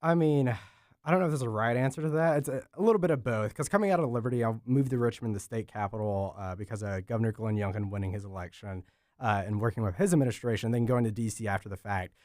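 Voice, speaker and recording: Young guy with a light virginia accent, talks fast, friendly radio guest, dry close mic. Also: medium pitch, darkish tone, dry recording. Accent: light Southwest Virginia. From Southwest Virginia. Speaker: political strategist guest. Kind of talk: casual radio interview.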